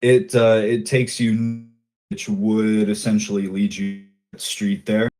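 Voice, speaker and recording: Low-voiced guy running a tabletop game, lots of ums. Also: level tone, mellow, faint music behind, poor audio. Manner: loose, halting, with many fillers. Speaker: game master.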